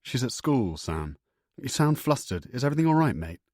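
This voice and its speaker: Male narrator doing a casual, matey boyfriend, voice nudged higher, carefree and breezy. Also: sing-song, normal speed, a little mellow, no room sound, clean studio sound, close to an everyday voice.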